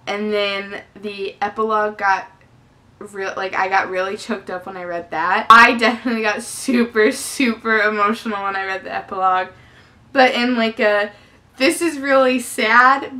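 A young woman talks through a book tag on her vlog, bright and a little sharp in tone. She gushes freely and fills her talk with casual fillers. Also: mid-range voice. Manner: chatty and effusive, lots of "definitely" and "like". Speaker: book vlogger.

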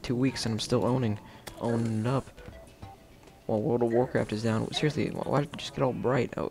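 A man casually narrating his own gameplay as the host of a game video, chatty and playful, with sudden excited shouts. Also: mid-range voice.

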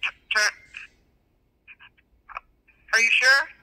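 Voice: mid-range voice, very slow, bright, forceful tone. A caller posing as a senior officer on a phone call, speaking formal, scripted and slightly broken English. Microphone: phone line.

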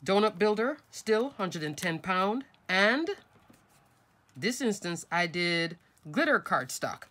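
A middle-aged woman with a slightly low voice, sounding nasal from a cold, talks viewers through a craft project. Her delivery is chatty and informal, and she calls her audience folks and crafters as she works at her desk. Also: big pitch swings, takes it slowly, a bit bright. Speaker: craft tutorial host. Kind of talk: casual step-by-step craft tutorial.

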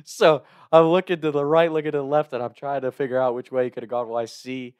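A man recounts a personal anecdote in a loose, rambling way and keeps breaking into laughter mid-sentence. His voice sits at an ordinary pitch for a man. The sound is dry, with no room around it. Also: level tone, fast talker, clear, resonant tone, no room sound. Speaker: storyteller.

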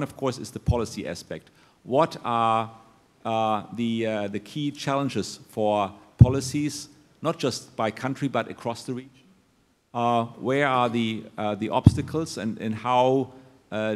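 A man moderating a conference panel and asking questions with many fillers and restarts. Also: mid-range voice. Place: conference hall. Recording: long hall reverb.

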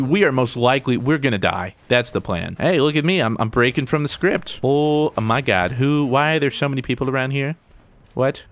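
A man giving jokey, excitable gameplay commentary, full of mild exclamations. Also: medium pitch. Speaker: gaming YouTuber.

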